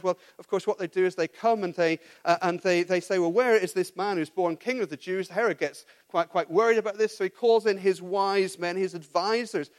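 A man preaching a sermon in a conversational, self-deprecating way, with frequent restarts and asides. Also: sits high.

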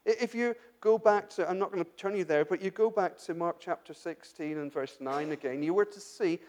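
High-voiced man preaching a conversational sermon. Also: a little fast, darkish tone. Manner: conversational, with frequent restarts and rhetorical questions; addresses the congregation directly. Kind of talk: sermon, Bible exposition.

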